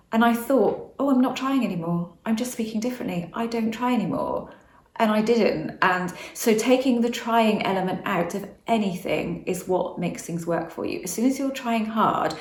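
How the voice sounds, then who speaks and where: Woman vlogger, middle pitch, chatty and explanatory, echoey room. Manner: chatty, explaining with repeated phrases. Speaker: law of attraction vlogger. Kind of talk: casual talk to camera. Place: room with a ring light.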